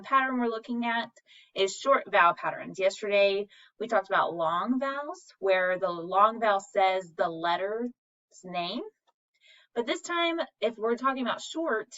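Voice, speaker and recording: A woman teaching a recorded reading lesson, her voice bright and ringing through slightly dull, lo-fi audio. She speaks slowly and clearly, sounding out each word syllable by syllable for young students. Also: mid-range voice.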